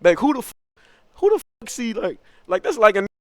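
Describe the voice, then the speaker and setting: A young man streaming, rambling through profane comic musings in an animated, thinking-out-loud way. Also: high voice, a little fast, no echo, clean studio sound.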